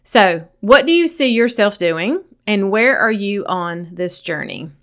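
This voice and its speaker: A woman's voice: medium pitch, expressive, a little slow, a bit bright. A woman with a Southern accent hosting a solo podcast, speaking earnestly and encouragingly straight to her listeners. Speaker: podcast host.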